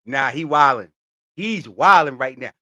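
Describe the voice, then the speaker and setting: Animated reaction host with lively pitch. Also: male voice, a little slow, highs cut off. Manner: animated, laughing, repeats lines and hypes them up. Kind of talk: casual reaction commentary.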